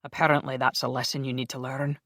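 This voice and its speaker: An audiobook narrator voicing a gruff, bossy male vampire soldier from the Highlands who speaks with a Scottish brogue, growling and curt. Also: flat delivery, fast, fairly bright tone, no echo, studio quality.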